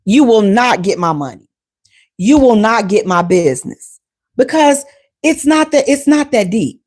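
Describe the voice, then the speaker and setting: A woman hosting a radio talk show, telling stories in a lively, expressive way and acting out conversations, with features. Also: a little high, unhurried. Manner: animated, expressive storyteller acting out exchanges. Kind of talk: casual monologue.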